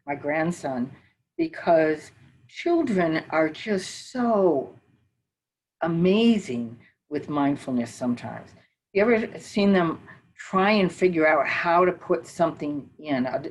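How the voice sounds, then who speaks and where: An older woman teaching mindfulness, calmly talking and counting breaths slowly through a guided meditation. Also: deep voice, slightly rough, low-quality recording. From northern United States.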